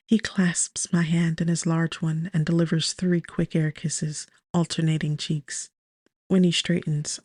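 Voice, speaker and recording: Female narrator, bubbly first-person romance read, vocal fry, dry close studio sound. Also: no echo. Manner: lively, bubbly, with sudden high exclamations. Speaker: audiobook narrator.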